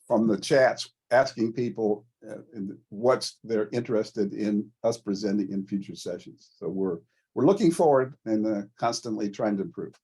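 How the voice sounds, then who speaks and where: A man's voice: lowish voice, normal speed, warm tone, breathy edge. A man talking casually in an online meeting as a volunteer presenter, rambling with frequent restarts. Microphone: video call.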